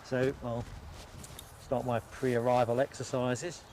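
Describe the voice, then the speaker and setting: A man's voice: mid-range voice, flat delivery, takes it slowly, darkish tone. A man hosting a casual live stream outdoors, chatting and joking with viewers in the chat. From England. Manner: chatty, jokey, reads out chat names. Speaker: livestream host. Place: outdoors by an airport. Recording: outdoor stream with clear background noise.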